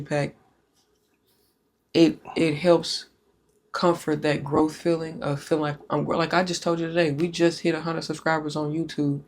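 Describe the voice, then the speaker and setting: A woman's voice: deep voice, darkish tone, a little hiss or hum. A woman hosting a casual podcast chat, talking candidly and with plenty of profanity. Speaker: podcast host.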